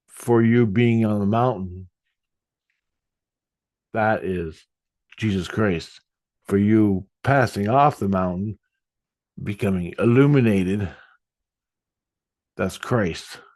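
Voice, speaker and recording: A man's voice: on the low side, no room sound. A middle-aged man telling a rambling, profane personal story about spiritual experiences. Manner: profane, meandering, blunt. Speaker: spiritual vlogger.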